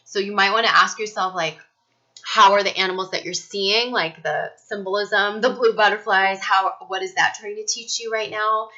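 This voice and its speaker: A woman's voice: medium pitch, fairly even intonation, normal speed, sharp tone. A woman giving a casual spiritual energy reading, talking earnestly and rambling with many fillers. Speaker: spiritual reader. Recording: muffled lo-fi recording.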